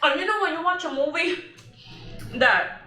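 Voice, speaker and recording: A woman's voice: very high voice, expressive, normal speed, pushed and bright, soft background music. A young woman vlogger telling an emotional story in a casual, rambling way, with many fillers. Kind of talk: casual storytelling while eating. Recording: echoey room.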